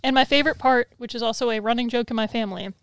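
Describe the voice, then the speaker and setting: A woman co-hosting a podcast in casual chat, animated and laughing, swearing freely. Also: on the high side, very fast, clear, resonant tone, no room sound. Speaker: podcast co-host.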